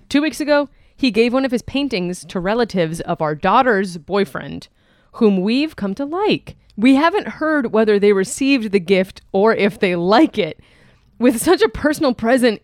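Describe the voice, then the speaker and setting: A woman co-hosting a podcast in casual chat, animated and quick to react, laughing easily. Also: fairly high pitch, dry recording, studio quality. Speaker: podcast co-host.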